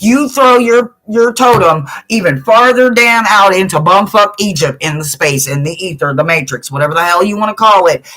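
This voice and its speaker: A spiritual reader gives the listener a blunt, emphatic pep talk in a somewhat low, slightly bright voice, recorded in low quality. She swears freely and repeats phrases to hammer her points home.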